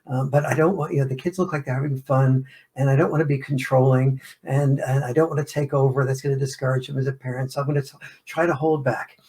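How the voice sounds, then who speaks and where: Brief: man doing an anxious mom, worried, gravelly tone. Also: mid-range voice, fairly even intonation, quick pace, a little mellow. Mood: fretful. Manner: fretful, worrying aloud. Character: anxious mother fretting over children's roughhousing.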